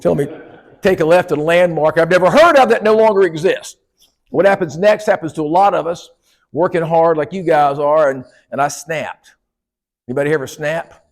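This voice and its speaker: Man, keynote speaker, humorous, teasing, lively delivery, slightly high voice. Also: brisk. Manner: joking, teasing the audience, lively. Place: conference hall.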